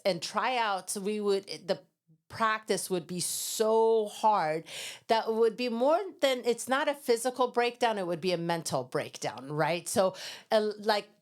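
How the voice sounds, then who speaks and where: A middle-aged woman from Iran, a guest in an interview, telling lively stories and acting out quoted voices with laughter. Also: mid-range voice. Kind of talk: storytelling interview.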